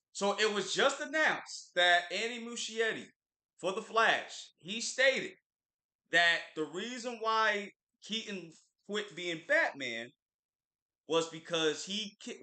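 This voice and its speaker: A man co-hosting a livestream, chatting in an opinionated, emphatic way. His voice sits high and swings a lot, with a very bright, sharp edge. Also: echoey room. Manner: animated, opinionated, repeats words for emphasis. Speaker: livestream co-host. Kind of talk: casual pop-culture chat.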